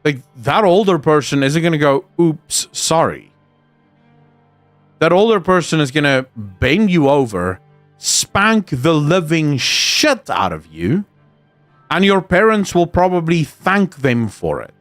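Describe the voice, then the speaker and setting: A man's voice: on the high side, very animated, measured pace, fairly bright tone, dry recording, faint music behind. A man from Africa, talking bluntly and rambling with frequent restarts in casual commentary. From South Africa. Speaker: streamer host.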